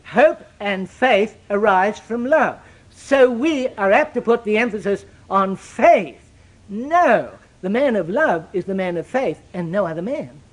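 This man delivers a sermon in an old-fashioned, scriptural cadence, moving between loud, emphatic declarations and hushed, solemn asides. His voice is high, his intonation lively, and his pace unhurried.

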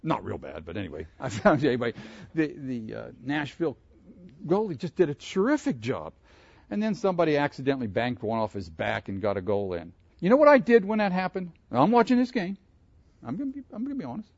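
Lively preacher guy from pittsburgh, voice jumps all over, dry muffled sound. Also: mid-range voice, brisk, gravelly, breathy edge, dry recording. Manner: animated, asks the audience questions. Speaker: pastor. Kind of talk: sermon.

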